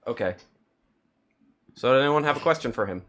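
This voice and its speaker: Laid-back bright-voiced male game master. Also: medium pitch, lively intonation, brisk, slight background noise. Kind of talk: narrating a tabletop game.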